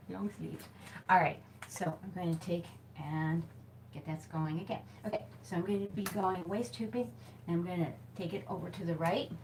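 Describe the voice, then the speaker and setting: She has a fairly low, slightly mellow voice, heard through poor audio with a faint hiss or hum. In a casual instructional video, this hoop fitness instructor teaches hula hoop exercises in a small temporary office by a back door, chatty, giggly and self-deprecating with lots of fillers. Her camera mic moves while she's hooping.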